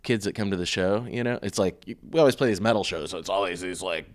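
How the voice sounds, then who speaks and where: A man's voice: low-pitched, quick pace, no room sound. A man in a band, talking loosely in an interview with lots of fillers. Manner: relaxed, filler-heavy. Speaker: band member. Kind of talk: casual interview chat.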